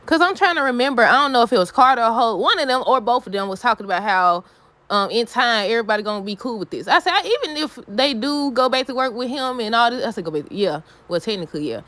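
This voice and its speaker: A woman recapping a soap episode for viewers in a chatty, animated way, often laughing and quoting characters. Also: a little high, fast talker, no echo. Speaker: soap opera reviewer. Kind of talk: casual recap talk to viewers.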